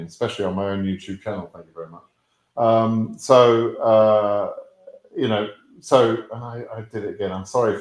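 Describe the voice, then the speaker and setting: British guy ranting on a live q&a, blunt and sweary, lots of uhs, echoey room. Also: fairly low pitch. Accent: British English. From Britain. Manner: outspoken, blunt, swears, many fillers and restarts. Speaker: YouTube host answering viewers' visa questions.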